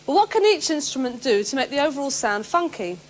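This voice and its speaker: A female presenter delivers scripted lines clearly and at a measured pace. Her voice sits high in the female range. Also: big pitch swings.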